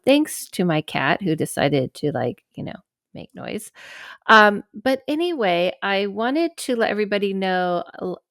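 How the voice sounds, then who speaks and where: A woman hosts her podcast in a loose, rambling chat, catching and correcting herself as she goes. Her voice is smooth and clean, at a middle pitch, and recorded dry and close with no room echo. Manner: chatty and rambling, with frequent asides and self-corrections. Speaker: podcast host and psychic medium. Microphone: camera microphone.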